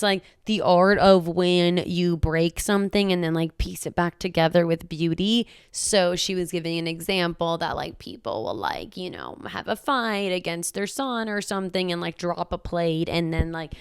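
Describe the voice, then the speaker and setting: A woman's voice: on the low side, creaky, clear, resonant tone, no echo, studio quality. Chatty young American woman vlogging. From United States. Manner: chatty, loud and outspoken, lots of "like". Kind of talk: casual travel vlog chat.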